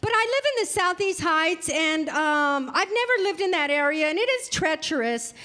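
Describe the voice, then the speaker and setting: A middle-aged woman from New Mexico doing stand-up at a live venue. Her voice sits high, and she talks in a chatty, self-mocking way, slipping into the lines of the people in her stories. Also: expressive, moderate pace, bright, forceful tone. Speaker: stand-up comedian. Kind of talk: stand-up comedy set.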